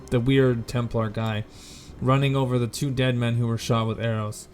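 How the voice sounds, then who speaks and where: Slow-paced man narrating a tabletop game. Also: mid-range voice. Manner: slow, descriptive, with fillers and self-corrections. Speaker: game master.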